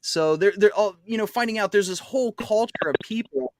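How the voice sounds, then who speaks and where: A man's voice: high-pitched, a little fast, no echo. Chatty man telling a trail story. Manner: rambling, laughs often, many fillers. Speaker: podcast co-host. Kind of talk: casual storytelling chat.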